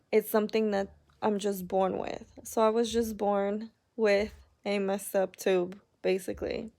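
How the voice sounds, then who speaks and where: A woman's voice: mid-range voice, gravelly, darkish tone. A young adult woman telling a personal story in a casual vlog, rambling and candid, with many "like"s and an upset tone. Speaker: vlogger.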